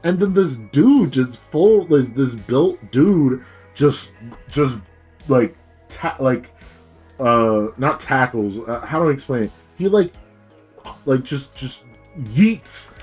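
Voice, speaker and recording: A man's voice: mid-range voice, animated, takes it slowly, darkish tone, husky, faint music behind. A man streaming as a VTuber, rambling in a casual rant full of fillers and swearing.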